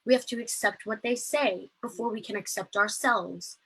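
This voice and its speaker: A teenage girl speaks over a video call with a bright, slightly husky voice. Her delivery is earnest and impassioned, full of little fillers as she builds her account. She sits a touch higher in pitch than most women. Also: normal speed, low-quality recording. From Ireland. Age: late teens. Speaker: protest speaker. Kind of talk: personal testimony on a video call.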